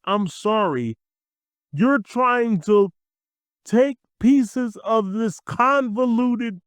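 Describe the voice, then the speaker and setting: A man's voice: high-pitched, clean tone, dry recording. A man ranting to camera as a wrestling commentator, blunt and exasperated, swearing freely. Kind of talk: profane rant to camera.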